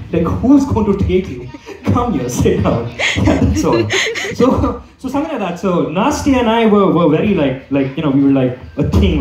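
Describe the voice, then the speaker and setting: A man's voice: high voice, darkish tone. A man doing a stand-up comedy set on a club stage, rambling with lots of fillers and restarts while the audience laughs. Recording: echoey room, mic far off.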